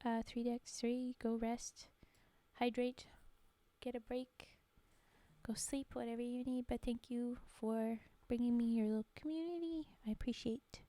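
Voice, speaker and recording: A woman streamer chatting casually and haltingly between poems, with many soft fillers. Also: on the high side, fairly even intonation, no echo. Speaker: streamer reading poetry. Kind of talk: casual live-stream chat.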